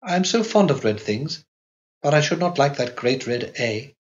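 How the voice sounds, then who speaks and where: A man's voice: on the high side, big pitch swings, normal speed, dull audio, pitched above the performer's own voice. A man reading an audiobook aloud, voicing a naive, childlike young woman with a light, girlish voice. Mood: wistful.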